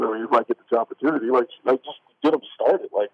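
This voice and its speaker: Over a tinny phone line, a man co-hosts a casual sports radio talk show at medium pitch and a rapid-fire pace. He rambles, restarting often and saying "like" a lot, and laughs frequently.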